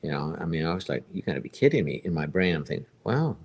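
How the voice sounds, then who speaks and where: Low-voiced guy in his 50s, telling his story on a live stream, rambles and keeps looping back. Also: big pitch swings, fast, vocal fry, darkish tone, husky. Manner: rambling, circles back and repeats himself.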